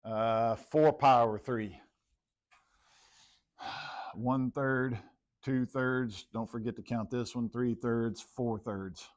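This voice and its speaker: A man teaches math to a classroom, talking through each step as he plots points on the board. He calls on students by name and checks whether they are keeping up. His voice sits at an ordinary male pitch. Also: fairly even intonation, slow pace, long pauses. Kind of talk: classroom lecture.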